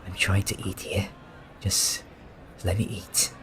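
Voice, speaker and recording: A man's voice: sits low, flat delivery, slow pace, a bit bright, a little hiss or hum. A man voicing an exasperated male diner in a video game who just wants to eat in peace, muttering his complaints.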